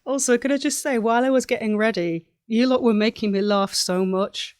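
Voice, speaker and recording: A woman's voice: a little high, brisk, darkish tone, clear, resonant tone. A woman chatting casually on a live stream, rambling and self-mocking.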